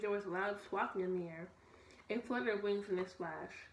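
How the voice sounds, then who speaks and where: A young adult student reads a children's story aloud, frequently stumbling and correcting herself. Her medium-pitched voice is a little fast with fairly even intonation, recorded in an echoey room with faint noise.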